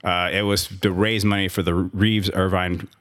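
Very deep-voiced man telling a long story. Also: level tone, normal speed, a bit bright. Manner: rambling, sarcastic, frequent restarts and fillers. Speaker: guest, gym owner and trainer. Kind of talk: casual interview storytelling.

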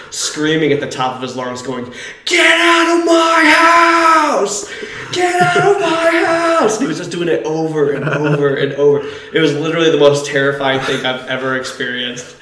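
A man co-hosting a casual podcast. He tells lively stories and acts out the people in them loudly. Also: medium pitch, a little hiss or hum. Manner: animated storyteller, acts out quotes loudly. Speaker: podcast co-host, youth pastor. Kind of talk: casual chat, storytelling. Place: church basement. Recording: echoey basement room.

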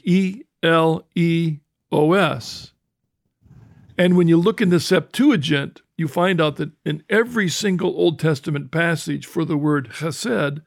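An older man hosts a teaching talk with a slightly high, gravelly voice. He explains thoughtfully, restarts his phrases, and slows down for quotations. The sound is dry and close. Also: no echo. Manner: thoughtful, explains with restarts and quotes scripture slowly. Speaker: host.

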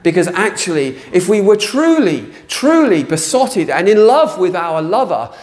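A man preaching a sermon to a church congregation, passionate and earnest, sometimes rising to near shouting. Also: high-pitched, very animated, moderate pace. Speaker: pastor. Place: church hall.

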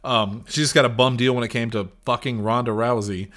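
A man's voice: medium pitch, fairly even intonation, brisk, fairly bright tone. A young man co-hosting a casual podcast, blunt and sweary, given to mock-angry rants. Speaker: podcast co-host. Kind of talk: casual wrestling chat.

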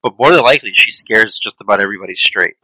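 A man co-hosting a casual movie-review podcast, talking in halting, slangy bursts with repeated words. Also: lowish voice, sharp tone, dry recording, low-quality recording. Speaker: podcast co-host.

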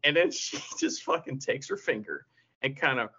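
Animated, bright-voiced man telling stories. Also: mid-range voice, normal speed, slightly rough. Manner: animated, laughs often, swears freely. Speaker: podcast co-host. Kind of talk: casual chat, storytelling. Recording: lo-fi podcast audio.

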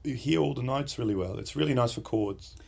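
A man's voice: mid-range voice, fairly quick, vocal fry, darkish tone, husky. A man co-hosting a casual chat, rambling and joking as he talks. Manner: rambling, chatty, jokey. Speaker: podcast co-host. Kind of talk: casual chat about guitar pedals.

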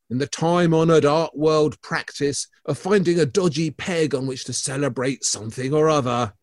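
A man's voice: medium pitch, darkish tone, no room sound, studio quality. A man co-hosting an art podcast, bantering in a playful, theatrical way with his co-host.

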